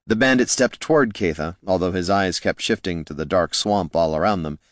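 A man reading a fantasy story aloud in a measured, wry narration. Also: deep voice, no room sound, clean studio sound. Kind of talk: scripted audiobook narration.

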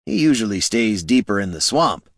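A man's voice: fairly low pitch, sing-song, moderate pace, a bit bright, no room sound, clean studio sound, exaggerated voice. A man voicing a greedy, nervous male bandit who talks in a glib, jittery way. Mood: glib, uneasy.

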